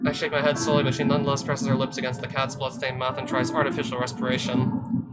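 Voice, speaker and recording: A man reading a visual novel aloud as a let's play host, breaking off for sardonic asides with swearing, with soft guitar music behind him. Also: mid-range voice, completely flat delivery, quick pace.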